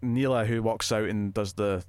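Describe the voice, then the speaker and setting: A man's voice: lowish voice, fairly even intonation, moderate pace, a little mellow, no echo. Guy chatting on a movie podcast, lots of restarts, dry close sound. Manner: chatty, hesitant with frequent restarts. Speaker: podcast co-host. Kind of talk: casual film review chat.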